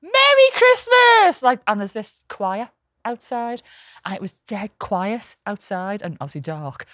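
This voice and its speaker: A woman's voice: mid-range voice, measured pace, no echo, clean studio sound. A woman, co-hosting a casual podcast and telling anecdotes with plenty of swearing. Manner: swearing, storytelling, lively anecdotes. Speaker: podcast co-host.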